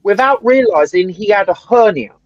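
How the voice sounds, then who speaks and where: High-voiced ranting man, lo-fi dry sound. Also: expressive, moderate pace, no echo. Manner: ranting, swears a lot, keeps asking "right?". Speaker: co-host of a fan livestream. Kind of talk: casual heated chat.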